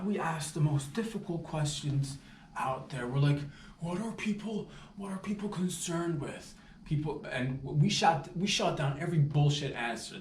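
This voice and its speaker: A man doing a brash, rambling comedic sales pitch, breaking into loud outbursts. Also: echoey room, recorded from a distance, a little hiss or hum.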